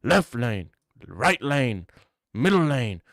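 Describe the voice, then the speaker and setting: A man putting on a cocky, crude young British man who keeps pushing for praise in a raised, loud voice. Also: medium pitch, big pitch swings, slow, no echo, clean studio sound. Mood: cocky, pushy. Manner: pushy, needy, keeps saying come on.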